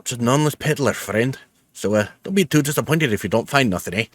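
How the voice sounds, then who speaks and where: A man voicing a chatty old male peddler in a game, with a folksy put-on accent and rough homespun speech. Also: medium pitch, animated, quick pace, dry recording, close to an everyday voice. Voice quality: folksy drawl, calls people lass.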